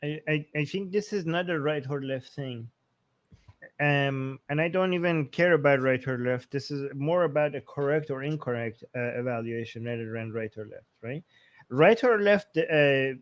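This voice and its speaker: Slightly high-voiced man arguing a point. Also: lo-fi sound. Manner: argumentative, thinks aloud with restarts. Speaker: political commentary co-host. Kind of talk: casual live-stream discussion.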